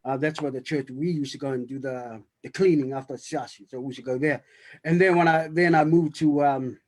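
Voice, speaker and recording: A man's voice: a little high, fairly even intonation. A man telling a rambling story on a video call, full of fillers and restarts. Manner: halting, many restarts and fillers. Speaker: writer-director on a cast panel.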